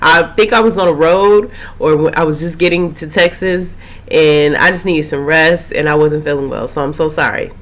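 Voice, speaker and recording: A woman recapping a TV episode in a casual, rambling way, her voice slightly hoarse after a cold. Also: deep voice, fairly even intonation, normal speed, a bit bright. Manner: chatty, rambling, with frequent fillers and asides. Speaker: TV recap host.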